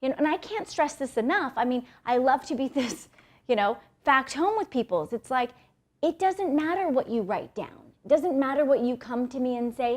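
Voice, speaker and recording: A woman's voice: high voice, expressive, normal speed, a little mellow. Blunt, profane woman giving motivational talk. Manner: blunt and profane, often tags "right?". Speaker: motivational speaker.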